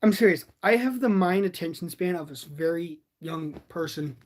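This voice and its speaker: An eighteen-year-old man chatting casually from his bed during a livestream unboxing, rambling and excitable, and often poking fun at himself. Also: fairly high pitch, normal speed. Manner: excitable, rambling, self-deprecating. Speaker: toy reviewer streaming.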